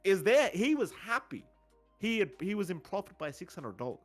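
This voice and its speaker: An Australian man co-hosting a podcast, telling stories in a casual, animated way with frequent swearing. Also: high voice, normal speed, faint music behind. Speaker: podcast co-host. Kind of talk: casual chat.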